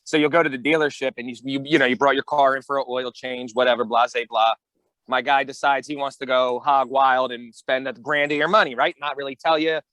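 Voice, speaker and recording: A man co-hosting a podcast in casual chat, an animated storyteller who acts out voices and swears. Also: medium pitch, brisk, no room sound, low-quality recording. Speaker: podcast co-host.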